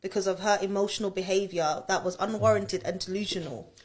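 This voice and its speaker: A woman's voice: mid-range voice, steady tone, a little fast, a little mellow. A woman hosting a podcast in casual chat, reacting with indignant questions and comments.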